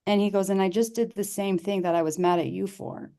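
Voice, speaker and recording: A middle-aged woman speaks as a podcast guest, sharing a personal story in an earnest, heartfelt way. Her pitch sits in the middle for a woman's voice. She often breaks off and restarts her sentences, and acts out the dialogue of the people in her story. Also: a little fast, mellow. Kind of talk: personal storytelling in casual conversation.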